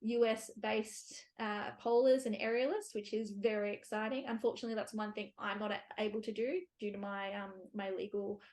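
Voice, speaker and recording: A woman's voice: mid-range voice, little pitch movement, brisk, few pauses, a little mellow. A woman hosting a casual podcast conversation, chatty, with many fillers and easy laughs. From Australia. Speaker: physiotherapist podcast host.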